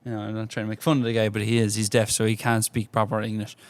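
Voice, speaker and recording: An Irish man co-hosting a podcast, telling a bar story in a casual, even-keeled way. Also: fairly low pitch, fast, dry recording. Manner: even-keeled, level energy. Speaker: podcast co-host and bar worker.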